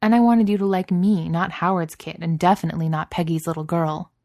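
A woman voicing a sharp-tongued, defensive genius heroine who quips and pushes back, in a low, dark voice. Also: fairly even intonation, fairly quick, no echo, clean studio sound. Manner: quippy and defensive, rising when upset.

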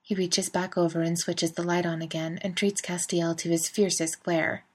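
A woman's voice: on the low side, flat delivery, moderate pace, slightly rough. A woman narrating a fan fiction story in a wry, conversational way. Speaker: reader. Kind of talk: fan fiction audiobook reading.

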